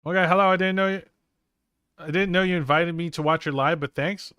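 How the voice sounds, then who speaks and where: A tired young streamer and artist, kept going by coffee, chats casually and rambles as he draws live. His high voice is steady, brisk, sharp, and smooth, captured in a dry, studio-quality recording.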